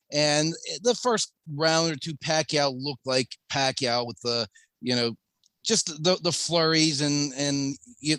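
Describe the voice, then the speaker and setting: A man's voice: fairly high pitch, no room sound. A man co-hosting a sports podcast, recapping a fight in a casual, conversational way. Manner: conversational, steady recap with restarts. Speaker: podcast co-host.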